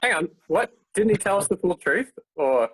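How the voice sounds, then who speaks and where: A man's voice: high-pitched, lively intonation, moderate pace, fairly bright tone, slight background noise, rough recording. A man playing a tabletop game, chatting casually and questioning the others earnestly. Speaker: player.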